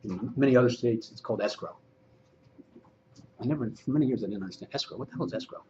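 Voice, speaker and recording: A man presenting a training session in a casual, animated way, mid-pitched and lively. The recording is a little muffled, with faint room hiss behind him. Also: fast. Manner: animated, conversational, acts out dialogue. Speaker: real estate agent and trainer.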